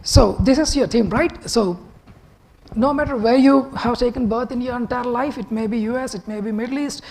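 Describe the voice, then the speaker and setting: A man with a husky voice, giving a slow, conversational stage talk with some halting restarts. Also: extremely high pitch, a little mellow, poor audio. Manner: unhurried, conversational, slightly halting. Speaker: TEDx speaker. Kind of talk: public talk.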